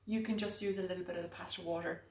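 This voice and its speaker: A woman's voice: fairly low pitch, steady tone, rapid-fire, darkish tone, slight background noise. A woman presenting a live cook-along demonstration in her home kitchen, chatty and self-mocking, picked up by a camera mic some distance away. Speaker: cooking demo presenter. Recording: echoey kitchen, mic far off.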